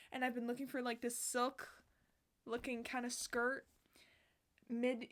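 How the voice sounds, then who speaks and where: A young woman vlogger chatting outdoors, excitable and sassy, swearing often. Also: high voice, a little fast. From Canada. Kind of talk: casual chat. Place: outdoors on a sunny day.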